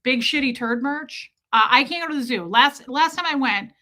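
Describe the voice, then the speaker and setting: Bright, chatty woman streamer. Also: high-pitched, lively intonation, normal speed. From Omaha, United States. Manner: chatty, greets viewers by name. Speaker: streamer reacting to videos. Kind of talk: live-stream reaction chat.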